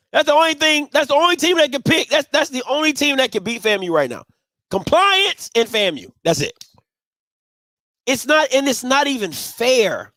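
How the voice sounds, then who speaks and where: A man's voice: extremely high pitch, a bit bright, no room sound, studio quality. A man hosting a postgame sports talk show, emphatic and repetitive as he argues his point. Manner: emphatic, repeats himself, breaks into laughing fits.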